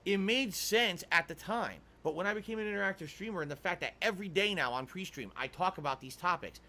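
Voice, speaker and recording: A man's voice: high voice, expressive, quick pace, sharp tone. A man streaming from home, talking to his chat in an exasperated, lecturing way, played as a clip.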